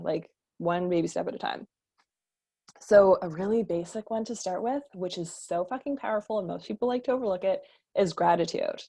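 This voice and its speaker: A woman's voice: on the low side, fairly quick, dark tone. A young adult woman business coach teaching a casual online lesson, chatty and filler-heavy, swearing casually.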